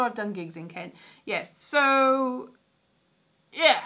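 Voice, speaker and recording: A woman's voice: a little high, expressive, slow, sharp tone. Chatty Welsh woman rambling on a livestream. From Wales. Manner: chatty, rambling, greets viewers, trails off and restarts. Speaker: comedian livestreaming. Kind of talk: casual livestream chat. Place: sitting on stairs at home.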